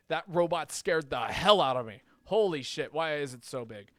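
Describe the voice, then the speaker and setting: A man chatting casually while livestreaming a video game. He rambles, swears, and reacts loudly when something surprises him. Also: mid-range voice, moderate pace, few pauses, no room sound. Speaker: streamer playing a video game.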